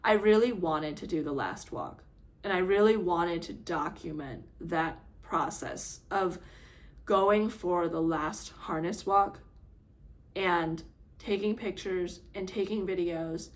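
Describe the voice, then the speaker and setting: Animated woman telling a personal story. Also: on the low side, slow pace. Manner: animated, reenacts her own phone call with quoted voices. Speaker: vlogger. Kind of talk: casual storytelling to camera.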